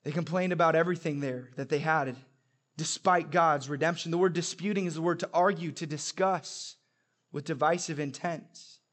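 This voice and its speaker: A man's voice: fairly high pitch, fairly even intonation, moderate pace, fairly bright tone. Young man preaching with humor. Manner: storytelling with humor and emphatic repetition. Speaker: pastor. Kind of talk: sermon.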